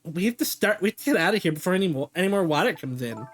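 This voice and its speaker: A streamer voicing a calm, capable young woman detective in a video game, explaining things in a steady way. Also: mid-range voice, very fast, faint music behind, natural voice.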